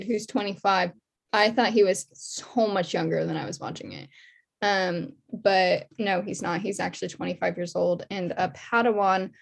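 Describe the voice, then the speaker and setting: A woman's voice: medium pitch, darkish tone. A young woman co-hosting a podcast, chatting casually with many fillers and laughs. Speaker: podcast co-host. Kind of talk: casual chat.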